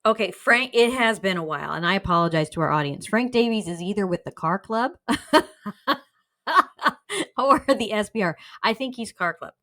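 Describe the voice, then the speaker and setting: A woman's voice: mid-range voice, animated, moderate pace, fairly bright tone. A woman co-hosting a podcast, reading a story aloud in casual chat, giggly and self-mocking. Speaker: podcast co-host.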